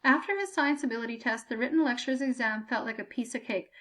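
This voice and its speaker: A woman reading a story aloud as audiobook narration, steady and even-toned. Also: on the high side, fast talker. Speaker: audiobook reader.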